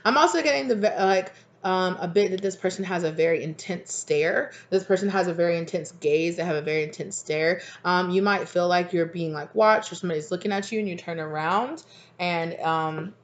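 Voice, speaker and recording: A woman's voice: lowish voice, fairly even intonation, brisk. A woman giving a casual tarot card reading in a rambling way, with many fillers and laughs. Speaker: tarot reader.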